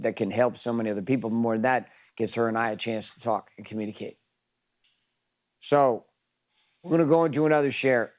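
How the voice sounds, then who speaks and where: A man coaching a group in an intense, emphatic motivational talk, swearing freely. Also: medium pitch.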